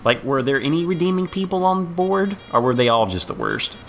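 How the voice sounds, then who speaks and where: A man's voice: fairly high pitch, lively intonation, a little fast, fairly bright tone, soft background music. A man hosting a casual podcast chat, asking curious questions. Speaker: podcast host.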